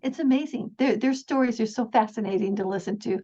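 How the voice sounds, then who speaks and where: A middle-aged woman with a slightly high, husky voice tells stories as a podcast guest. She talks earnestly and chattily, laughing often and restarting her sentences. The recording sounds dull and lo-fi. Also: a little fast, mellow. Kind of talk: casual storytelling interview.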